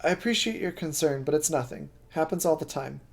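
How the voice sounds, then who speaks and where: A man reading aloud and voicing a guarded, soft-spoken young woman who brushes off concern. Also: fairly high pitch, lively intonation, brisk, creaky. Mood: reassuring.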